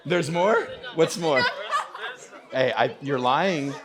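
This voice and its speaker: A man's voice: on the high side, takes it slowly. A man from West Texas preaching to a young adult church group, telling funny stories about himself and joking with the crowd. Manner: storytelling with self-mocking humor, often laughing. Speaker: pastor. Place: church meeting hall.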